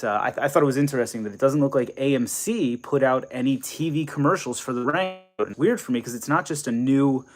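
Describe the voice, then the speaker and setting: A young man from New Jersey hosting a casual live stream, rambling and chatting while he reads viewer comments and greets people. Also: mid-range voice.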